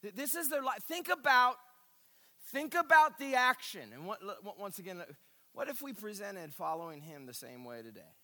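High-voiced, emphatic preaching man. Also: big pitch swings, normal speed. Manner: emphatic preaching, swinging between loud bursts and hushed asides. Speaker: pastor. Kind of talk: sermon. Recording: reverberant hall.

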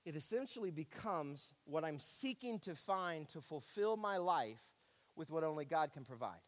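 High-voiced preaching man in a hall. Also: expressive, normal speed. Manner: earnest, repetitive, self-deprecating sarcasm. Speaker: pastor. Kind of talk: sermon.

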